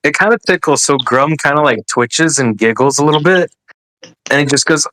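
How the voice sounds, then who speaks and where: A man's voice: a little high, moderate pace, sharp tone, low-quality recording. A man playing a tabletop game, describing his character's actions in a playful, rambling way. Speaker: player. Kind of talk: casual tabletop play.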